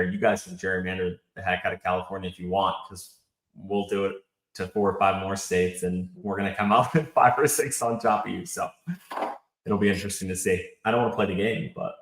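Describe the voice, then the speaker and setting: An animated, opinionated man from North Carolina, speaking as a podcast guest. His voice is a bit low. The room adds a noticeable echo. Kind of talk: casual political chat.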